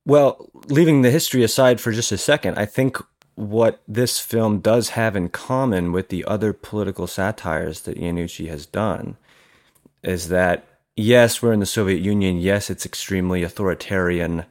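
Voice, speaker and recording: A man's voice: lowish voice, normal speed, darkish tone. A man on a call giving a thoughtful, analytical take in a film discussion, often restarting his phrases. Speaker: podcast panelist. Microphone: video call.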